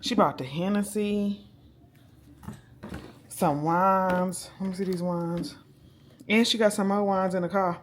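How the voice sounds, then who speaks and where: A woman's voice: medium pitch, fairly even intonation, takes it slowly, long pauses, noisy background. A young woman, chatting casually to her camera at home in a laid-back vlog, talking straight to her viewers. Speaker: vlogger. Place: at home, indoors. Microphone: handheld camera.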